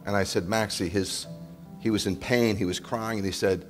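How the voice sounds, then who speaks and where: A man's voice: fairly low pitch, fairly even intonation, normal speed, big-room sound, faint music behind. A man preaching a sermon to his congregation as their rabbi, speaking conversationally and pressing listeners with emphatic repeated questions.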